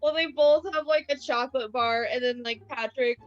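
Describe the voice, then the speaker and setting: A woman's voice: high voice, steady tone, moderate pace, no room sound, faint music behind. A young woman co-hosting a casual video-call chat, telling a story in a rambling, hesitant way. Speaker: co-host. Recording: dull, dry call audio.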